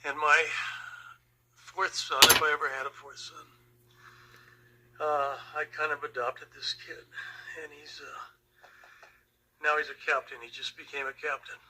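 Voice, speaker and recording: An older man and Vietnam veteran, telling a personal story slowly and with emotion. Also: on the high side, level tone, pushed and bright, a little hiss or hum, low-quality recording. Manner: slow, emotional, reflective.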